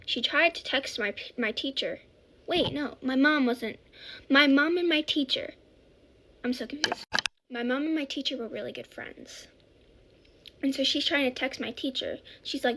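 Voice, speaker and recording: A woman's voice: high-pitched, moderate pace, a little hiss or hum. A woman telling a childhood story in a casual, rambling way, often correcting herself. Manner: rambling, self-correcting, animated.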